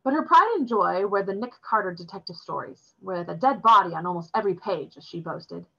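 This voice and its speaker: A woman reading a novel chapter aloud in a steady storytelling manner. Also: medium pitch, a little fast, creaky, slightly rough. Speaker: reader. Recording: dull lo-fi recording.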